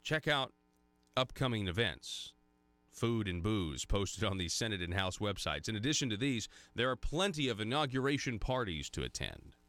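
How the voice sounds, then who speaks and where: A very low-voiced man hosts a talk radio show, firing off rhetorical questions with a sarcastic edge. The sound is dry and close. Off script he stumbles and restarts. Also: very animated, normal speed, fairly bright tone, no echo. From Arkansas. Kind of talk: conservative talk radio commentary.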